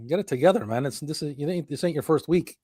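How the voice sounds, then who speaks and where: A podcast host with a slightly high, warm, somewhat rough voice talks quickly on a dry recording. He's hosting a casual live-streamed chat through a remote video-call mic, laughing, swearing often, and getting exasperated by glitches.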